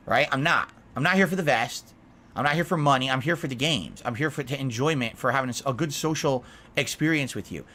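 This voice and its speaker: A man's voice: mid-range voice, lively intonation, moderate pace, long pauses, pushed and bright, soft background music. Earnest lecturing male streamer. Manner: earnest, lecturing, self-justifying. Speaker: live streamer. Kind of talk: monologue addressed to chat.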